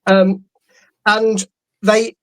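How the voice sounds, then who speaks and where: A man's voice: high-pitched, little pitch movement, very slow, rough recording. A man co-hosting a boxing podcast, talking in a rambling, amused way with frequent restarts. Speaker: podcast co-host. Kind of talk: casual boxing podcast chat.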